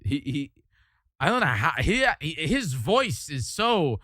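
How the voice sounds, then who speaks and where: A man's voice: fairly high pitch, big pitch swings, slow, pushed and bright, no echo, clean studio sound. A male streamer chatting casually, rambling and stammering as he reacts, and easily amused. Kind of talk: casual live-stream chat.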